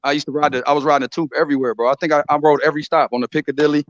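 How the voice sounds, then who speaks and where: Brief: easygoing American guy, slangy, quick, dry close recording. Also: fairly high pitch, level tone, no room sound. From United States. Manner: laid-back storytelling, says bro a lot. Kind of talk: casual chat. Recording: dry, dull sound.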